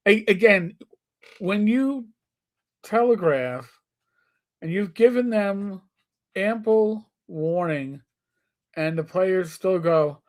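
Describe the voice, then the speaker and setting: New York man telling animated stories. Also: high-pitched, slow, pauses often. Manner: storytelling, acts out quoted players with shifting voice. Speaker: co-host. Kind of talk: casual live-stream chat.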